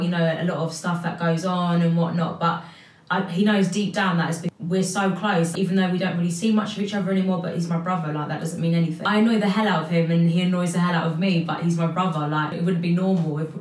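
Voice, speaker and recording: A woman's voice: fairly low pitch, distant mic. Chatty young woman vlogging, echoey room. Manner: chatty, emotional, says "like" a lot. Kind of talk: personal vlog talk to camera. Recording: echoey room, mic set back.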